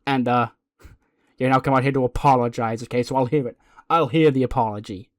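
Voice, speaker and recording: A man's voice: mid-range voice, steady tone, brisk, no echo, clean studio sound, lightly acted. A man voicing a brash, gloating male wrestling champion who cuts a boastful promo and talks down to his rivals. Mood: taunting. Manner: boastful, taunting, talks down to others.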